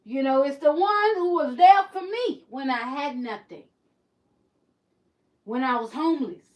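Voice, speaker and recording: High-voiced woman chatting candidly. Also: expressive, unhurried, rough recording. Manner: candid and rambling, with many restarts. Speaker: livestream host, beauty business. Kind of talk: casual livestream chat.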